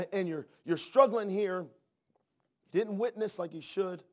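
A man preaching a sermon in church, swinging from hushed soft words to loud fervent outbursts and restarting words as he builds. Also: high voice, unhurried.

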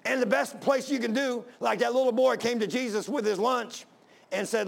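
Preacher guy, real gravelly raspy voice, kinda high, gets fired up pleading. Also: normal speed. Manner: fervent, rising to emphatic pleas. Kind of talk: sermon with personal story.

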